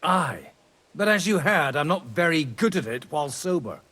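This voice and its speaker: An actor playing a blunt, boozy priest in disguise as a cardinal, grumbling and coarse in a husky voice. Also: male voice, on the high side, sing-song, moderate pace, sharp tone, heavily acted. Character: boozy irreverent male priest posing as a cardinal. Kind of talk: video game dialogue.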